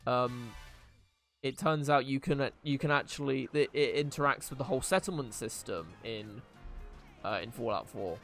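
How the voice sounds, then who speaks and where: Rambling male streamer, mid-pitched. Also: moderate pace, fairly bright tone, soft background music. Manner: rambling, with many fillers and restarts. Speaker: live streamer. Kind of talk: casual gameplay chat.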